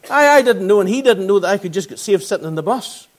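High-voiced Northern Irish preacher. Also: male voice, lively intonation, fast. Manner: earnest storytelling, rising to fervent appeals. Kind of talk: gospel sermon testimony.

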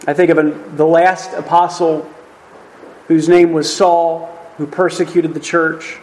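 A man's voice: on the high side, level tone, unhurried, a little mellow, low-quality recording. A man teaching through a Bible passage in a video, emphatic and conversational, often checking in with "right?".

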